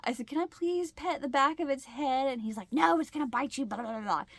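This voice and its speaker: A woman hosting her own vlog, telling a story casually and acting out her own shouts and gasps. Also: sits high, brisk, no room sound. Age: adult with a husband. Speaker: channel host.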